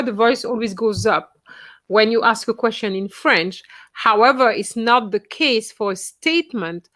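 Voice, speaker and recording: A woman's voice: on the high side, sharp tone. A woman teaching a French class online, explaining instructions patiently and checking in with her students.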